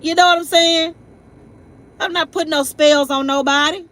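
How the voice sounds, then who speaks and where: A tarot reader and live-stream host speaks in a high voice at normal speed, with fairly even intonation and a slightly bright quality. The casual reading is a blunt, playful ramble of slangy talk, laughing asides, and frequent tag questions, captured on a rough recording.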